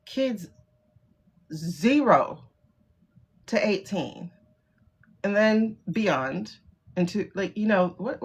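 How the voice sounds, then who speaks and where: A middle-aged woman hosting a tarot livestream, talking casually and bluntly, swearing and laughing often. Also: medium pitch. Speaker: livestream host doing tarot readings.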